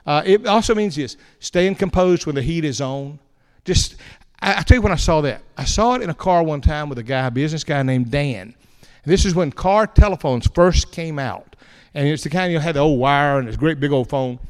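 A man with a fairly high, clean voice preaches to an audience at a moderate pace, with long hall reverb in the recording. His style is folksy and animated, full of anecdotes, chuckles and repeated words.

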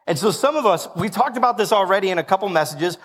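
A man's voice: sits high, lively intonation, fast talker, a bit bright, husky, in a large hall. A male pastor preaching a conversational sermon, joking and asking the congregation questions.

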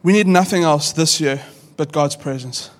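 A pastor in his thirties preaches with a high, light voice. He talks to his people earnestly and casually, often stopping to restart a phrase mid-thought. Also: normal speed. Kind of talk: sermon.

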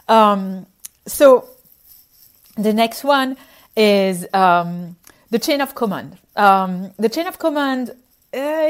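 Animated French-accented woman doctor. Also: mid-range voice. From France. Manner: animated, frequent "like" fillers, laughs often. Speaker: physician. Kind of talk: casual storytelling.

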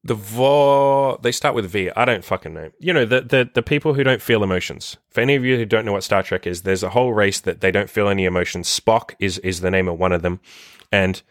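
A man's voice: lowish voice, fast talker, fairly bright tone, no echo, studio quality. A man hosting a solo podcast, talking bluntly and passionately with lots of swearing, tired. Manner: blunt, profane, impassioned. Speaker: podcast host and dating coach.

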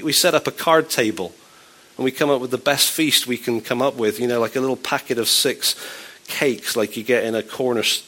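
A man delivers a sermon in a relaxed, conversational tone, slipping in dry, playful asides. His voice sits at an ordinary middle pitch for a man. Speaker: preacher.

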